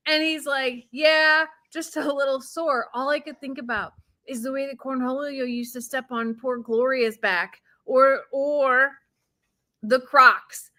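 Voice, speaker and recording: A woman's voice: sits high, fairly even intonation, unhurried, bright, forceful tone. A woman co-hosting a casual chat, chiming in with details. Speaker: co-host.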